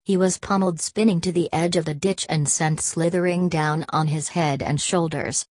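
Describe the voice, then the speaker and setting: Give me a low-voiced woman narrating an audiobook. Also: steady tone, moderate pace, a little mellow, no room sound.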